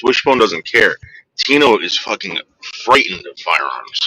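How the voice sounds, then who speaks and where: A man's voice: sing-song, measured pace, pushed and bright, slightly rough, rough recording. A man casually narrating a vlog while driving around and talking to his dogs. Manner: soothing his dogs in a higher coaxing voice. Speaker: vlogger.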